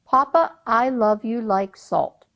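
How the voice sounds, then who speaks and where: A woman's voice: on the high side, slow pace, highs cut off. A woman telling a folk tale and voicing an honest young princess who answers her father plainly and earnestly. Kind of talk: oral storytelling.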